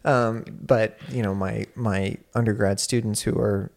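A young man who teaches at a university, telling a personal story in casual conversation, animated and full of fillers. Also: fairly low pitch, a little slow, creaky. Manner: animated, many fillers, laughs while telling. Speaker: university instructor and guest.

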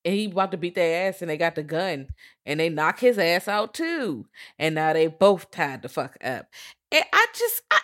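Animated, profane woman podcast co-host. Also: fairly low pitch, normal speed. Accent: Southern US. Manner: animated, profane, acts out characters' lines. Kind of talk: casual movie review chat.

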